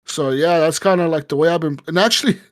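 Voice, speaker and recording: Rambling, foul-mouthed podcast host, fairly high. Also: male voice, fast. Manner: rambling, heavy filler words and swearing. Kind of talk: casual gaming podcast chat.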